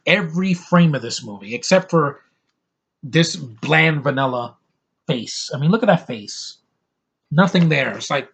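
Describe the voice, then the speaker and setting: A man's voice: medium pitch, lively intonation, a little slow, gravelly, a bit bright, husky. A young man giving a brash, over-the-top movie review, ranting and swearing as he talks.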